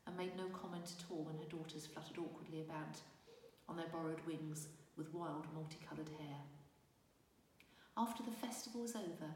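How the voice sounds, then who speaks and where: Woman narrator, measured storybook reading, low-ish voice, distant from mic, long reverb. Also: a little mellow, a little hiss or hum. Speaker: audiobook narrator. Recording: roomy distant reverberant recording with faint ambience.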